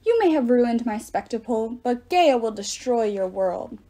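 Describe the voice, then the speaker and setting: Storybook villain: woman reading as a boastful male giant, loud, threatening, mellow and breathy. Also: a little high, lively intonation, measured pace. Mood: menacing.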